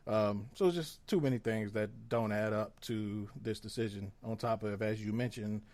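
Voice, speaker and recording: A man with a fairly low voice talks earnestly and steadily on a casual podcast, often pausing on "um" and "you know" as he makes his points. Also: a little mellow. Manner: measured, earnest, filler-heavy. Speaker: podcast co-host.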